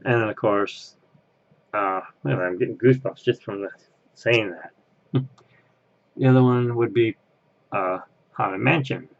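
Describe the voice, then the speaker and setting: A man's voice: on the low side, a little slow, vocal fry, pauses often, highs cut off. A man chatting casually on camera as an interviewee, rambling and laughing at himself. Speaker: Disney fan interviewee. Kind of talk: casual chat.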